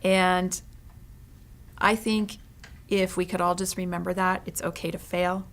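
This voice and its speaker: A woman's voice: on the low side, flat delivery, unhurried, a bit bright. A woman who owns a consignment store, speaking as an interview guest in an earnest, heartfelt way and often tagging her sentences with "you know" and "right".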